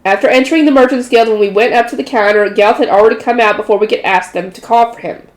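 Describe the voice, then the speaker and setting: A woman's voice: a little high, fast. A tired woman reading a light novel aloud in a casual way, correcting slips and adding chatty asides. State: tired and yawning. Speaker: audiobook reader. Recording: roomy echo.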